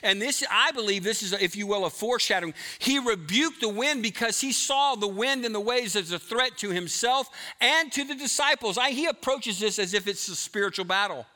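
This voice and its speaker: A middle-aged man preaching a sermon, emphatic, moving between loud stretches and hushed ones. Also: sits high, lively intonation, fairly quick, hardly any pauses. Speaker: pastor.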